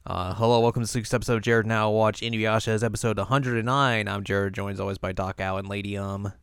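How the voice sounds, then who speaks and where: A young man co-hosting a casual podcast, recapping an episode and slipping into quick character voices as he retells scenes. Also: fairly low pitch, steady tone, vocal fry, fairly bright tone, clean tone, no echo, studio quality. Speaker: podcast co-host.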